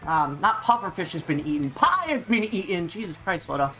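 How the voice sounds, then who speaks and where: A young woman with a fairly low voice chats loosely with her stream chat while she plays, giggling and talking through bites of food. She speaks into a desk microphone, with faint game music underneath. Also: big pitch swings, a little fast, fairly bright tone. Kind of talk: casual livestream chat while gaming. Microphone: desk mic, no face cam.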